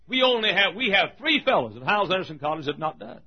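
A man preaching an emphatic sermon in a church, often shouting. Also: sits high, sing-song, fast. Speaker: pastor. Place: church sanctuary. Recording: dull, husky lo-fi church recording.

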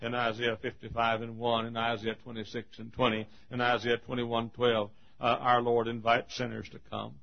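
A male pastor preaching a sermon in a church, with rhythmic repeated refrains that swing from loud calls to hushed asides. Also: medium pitch, completely flat delivery, moderate pace, gravelly, few pauses, highs cut off. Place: church auditorium.

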